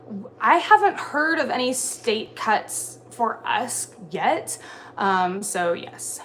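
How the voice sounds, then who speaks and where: A woman's voice: fairly high pitch, sing-song, slow pace, fairly bright tone, a little hiss or hum. A woman in her thirties from Alabama with a mild Southern accent, chatting casually on a livestream and answering viewer comments. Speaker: livestream co-host.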